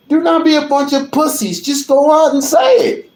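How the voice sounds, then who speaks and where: A man's voice: very high-pitched, very animated, a little slow. Profane ranting male commentator, roomy echo. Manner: profane, repetitive, increasingly shouting. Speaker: channel host.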